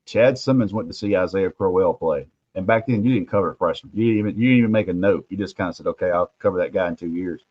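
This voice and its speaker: A low-pitched man spins animated stories on a casual sports talk show. His voice dips into hushed asides and jumps up for punchlines. The audio sounds muffled and lo-fi. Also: fast talker, few pauses. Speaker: host, recruiting reporter.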